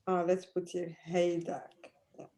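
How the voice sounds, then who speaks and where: A woman from the Arab world leads an online language class, patiently drilling vocabulary with her students. She talks slowly and calmly, repeating each word with care. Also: on the low side. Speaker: Arabic teacher.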